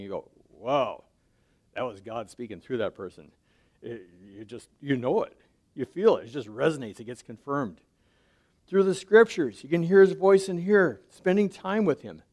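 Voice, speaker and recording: A man preaching a sermon in a conversational way, often checking in with his listeners and dropping to a soft, low voice on key points. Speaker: pastor.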